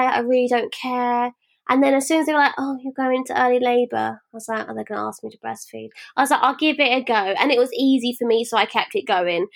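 Woman on a podcast, blunt and lively, slightly high voice. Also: vocal fry. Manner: frank, animated storytelling with acted-out quotes. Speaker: podcast co-host. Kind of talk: casual chat.

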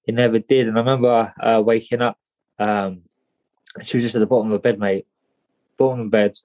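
Guy telling his story, stumbles and repeats himself, warm mellow tone. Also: mid-range voice. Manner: halting, repeats words, says "mate" often. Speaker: guest. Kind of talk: candid personal story in an interview.

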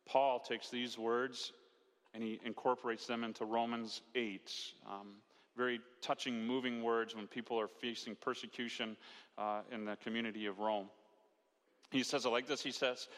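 A man's voice: mid-range voice, flat delivery, normal speed, fairly bright tone. A male pastor preaching a sermon in a conversational way, asking rhetorical questions and acting out quotes. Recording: long hall reverb.

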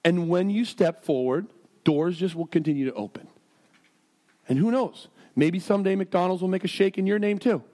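Animated, higher-voiced pastor. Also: male voice, normal speed. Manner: animated, jumps between storytelling and earnest prayer; self-deprecating and jokey. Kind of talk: sermon with storytelling and prayer.

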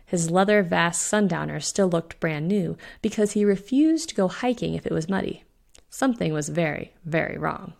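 A woman reading her own short story aloud in a steady, expressive storytelling voice. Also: lowish voice, moderate pace, creaky. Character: witch Fiona voiced in own voice.

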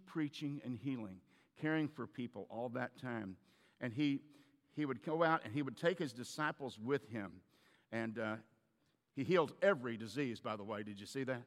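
A man's voice: medium pitch, lively intonation, moderate pace, fairly bright tone, big-room sound. A man preaching a sermon as a pastor, telling stories in a conversational way with frequent restarts.

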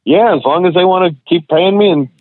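A man's voice: high voice, a little fast, no echo. A man, a comedian and voice actor, telling stories in casual chat and laughing through his anecdotes. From Houston, Texas. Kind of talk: casual storytelling. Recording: tinny phone line, dry.

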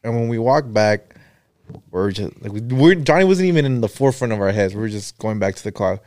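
Man, casual storytelling, profane, animated, dry sound. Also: on the low side, fairly quick, no echo. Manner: animated, profane, acts out quotes. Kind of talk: casual storytelling among friends.

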